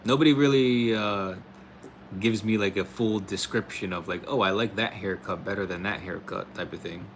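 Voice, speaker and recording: A man's voice: lowish voice, moderate pace, noisy background. An American man hosting a casual livestream, reading out chat comments in a laid-back way, laughing often and calling people "bro" and "dude". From United States. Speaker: livestream host answering chat.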